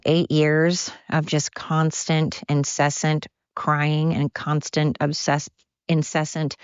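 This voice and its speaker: A woman's voice: low-pitched, no room sound, highs cut off. A woman podcast host talking casually and bluntly in a rambling rant, outdoors walking her dogs.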